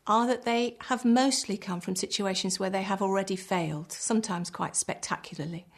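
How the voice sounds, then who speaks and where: A woman's voice: mid-range voice, fairly even intonation, moderate pace. A middle-aged woman, a primary school teacher who talks in a patient, encouraging, articulate way as she explains her methods and leads a class.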